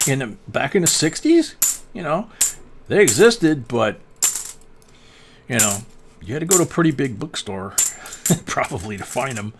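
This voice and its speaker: A man in his sixties hosting a casual coin-searching livestream, rambling with lots of "um"s and soft chuckles. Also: mid-range voice, very animated, normal speed, long pauses, slight background noise. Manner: rambling, chuckling, many fillers. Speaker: coin channel host.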